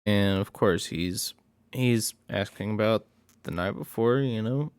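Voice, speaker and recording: A man giving a casual recap of a horror movie, excitable and profane. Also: fairly low pitch, unhurried, smooth, no room sound.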